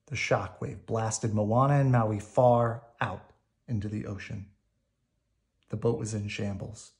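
A man reading a children's storybook aloud at bedtime in a calm, measured way. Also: medium pitch. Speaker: storybook reader.

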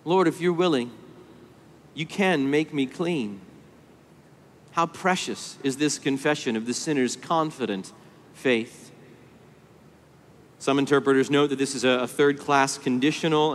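A man preaching a sermon at a conference, impassioned, moving between hushed low passages and rising pleas. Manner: impassioned, swings from hushed to pleading. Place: large conference hall. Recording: long hall reverb.

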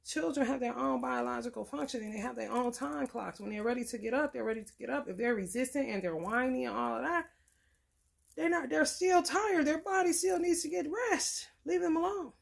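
A woman's voice: sits high, fairly quick, creaky, breathy edge. A woman giving a blunt, profane, preachy casual tarot reading. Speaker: tarot reader.

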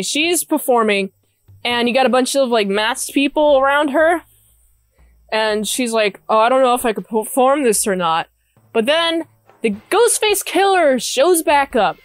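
A woman's voice: high-pitched, no echo. A woman reviewing a movie in a casual, rambling way, with sarcastic asides and mocking quotes. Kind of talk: casual spoken movie recap.

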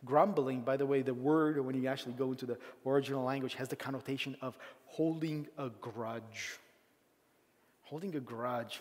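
A male pastor preaching a conversational, animated sermon, often acting out the voices of grumbling people. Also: mid-range voice, normal speed. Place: church sanctuary. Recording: long hall reverb.

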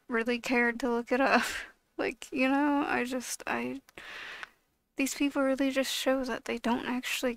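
A woman with a high, gravelly voice rants to camera, swearing heavily and tripping over her own restarts. The sound is dry and close, with no room around it. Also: a bit bright, no room sound, poor audio. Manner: heated, swearing, repeats herself and restarts often. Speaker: video creator. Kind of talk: angry rant to camera.

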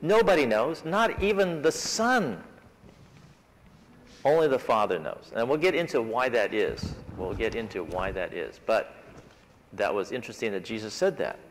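A man's voice: on the low side, animated, moderate pace, a little hiss or hum. A man leading a Sabbath School Bible class in casual, conversational talk with his group. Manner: conversational, talks things through with the class. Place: church classroom. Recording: reverberant church hall.

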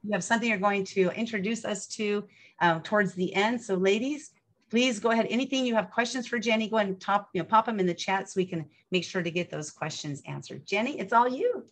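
A woman's voice: medium pitch, brisk. Chatty upbeat woman hosting an event. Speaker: event host.

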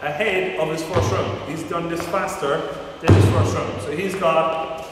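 A man coaching a live workout, with energetic, repeated encouragement and countdowns. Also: on the high side, unhurried. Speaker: fitness coach. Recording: echoey hall from far off, faint noise.

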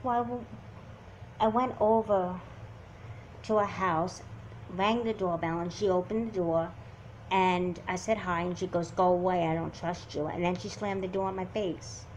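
A woman's voice: lowish voice, fairly even intonation, unhurried, darkish tone, a little hiss or hum, natural voice, poor audio. A woman voicing a hurt, confused teenage girl who talks in a subdued, sullen way in an amateur doll movie. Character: hurt, confused teen girl, sulky and quiet.

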